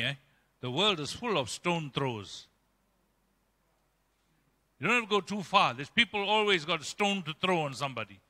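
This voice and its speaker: A man preaching in a church, his voice pitched high for a man and strikingly bright and forceful. He delivers the sermon emphatically, swinging between raised and hushed passages, while a long reverb trails behind every phrase. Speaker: pastor.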